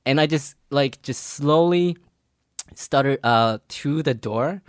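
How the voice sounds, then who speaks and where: A man's voice: mid-range voice, slow pace, clean tone, no room sound, clean studio sound. A young man, a podcast co-host telling a long story in casual chat, full of fillers and restarts and laughing as he goes. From Philippines. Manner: rambling, filler-heavy, laughs through his story.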